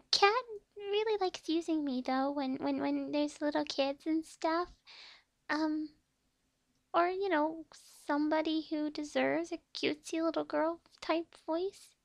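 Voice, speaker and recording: A woman's voice: sits high, creaky, no room sound, pitched above the performer's own voice, exaggerated voice. A woman voicing a cute, chatty little girl who giggles and stammers, recorded close on a headset mic.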